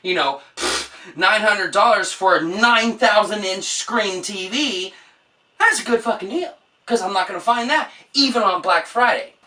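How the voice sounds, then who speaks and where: Bright-voiced woman on a profane rant. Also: mid-range voice, animated, measured pace, far from the mic. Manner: exasperated, swears a lot. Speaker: vlogger.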